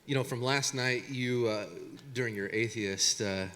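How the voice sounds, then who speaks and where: A man's voice: medium pitch, measured pace, fairly bright tone, long reverb tail, slight background noise. A man moderating audience questions on stage, speaking loosely with hesitant fillers.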